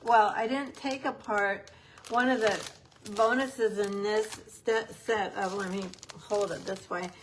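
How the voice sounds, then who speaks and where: A woman's voice: medium pitch, steady tone, slow pace, slight background noise, rough recording. A woman giving a casual, upbeat craft tutorial, chatting as she works with her hands. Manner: chatty, upbeat, talks while working with hands. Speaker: papercraft demonstrator.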